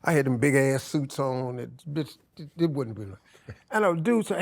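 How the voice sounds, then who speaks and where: A man's voice: mid-range voice, moderate pace, creaky. A man, a podcast guest telling emotional, slangy stories. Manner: emotional storytelling, slangy and profane. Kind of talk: candid podcast conversation.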